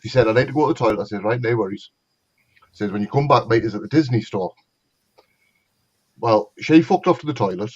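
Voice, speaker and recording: A man's voice: fairly low pitch, a little mellow, muffled recording. A man with a North East English accent telling swearing, laughing stories in casual chat with friends. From North East England. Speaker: gamer chatting with friends on a stream.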